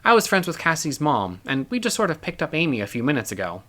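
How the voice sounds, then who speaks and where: A stern, no-nonsense woman, as a male narrator reads her, clipped and dry in delivery. Her words come short and flat in tone. A storybook aunt. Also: on the high side, fast, voice pushed up. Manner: curt, dry, deadpan.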